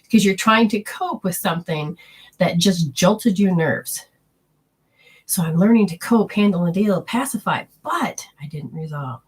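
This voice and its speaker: A woman with a husky, slightly breathy voice teaches about healing and the body. She speaks earnestly and often slips into quoted inner voices to make her point. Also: mid-range voice, moderate pace. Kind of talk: teaching talk with personal stories.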